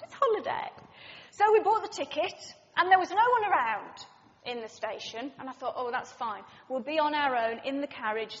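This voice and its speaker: High-voiced woman preaching in a hall. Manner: animated storyteller, acts out quoted voices. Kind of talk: sermon with personal anecdote. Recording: muffled sound with long hall reverb.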